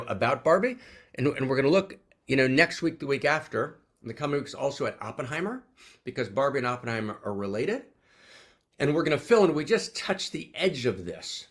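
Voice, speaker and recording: Male teacher-host, lively swinging pitch, rallies the room with repeated questions, average pitch. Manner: rallying, repeats questions, swings from loud to soft. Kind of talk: teaching talk to an online group.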